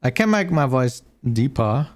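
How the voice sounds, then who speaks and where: A man's voice: medium pitch, sing-song, moderate pace. Chatty streamer man reacting to a video. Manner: chatty, thinks aloud, laughs often. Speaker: VTuber streamer. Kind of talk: casual reaction commentary.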